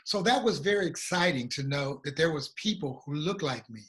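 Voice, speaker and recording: American guy telling his story, earnest and reflective, a bit high-pitched. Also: animated, a bit bright. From USA. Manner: earnest, reflective, slow at emotional moments. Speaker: guest, regional coordinator. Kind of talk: personal storytelling in a conversation.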